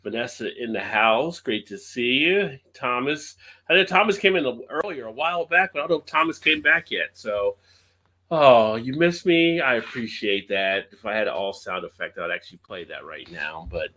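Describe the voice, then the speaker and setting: A man's voice: mid-range voice, normal speed, pushed and bright. Upbeat man hosting a live stream. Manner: upbeat, greets viewers by name, laughs often. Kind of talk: casual live stream chat. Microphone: webcam close up.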